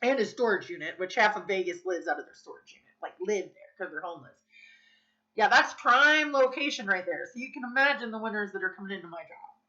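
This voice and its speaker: A woman's voice: mid-range voice, expressive, fast talker, sharp tone, dull audio. A woman vlogging in a candid, casual confessional chat, swearing freely and saying "like" and "dude" a lot. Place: Las Vegas.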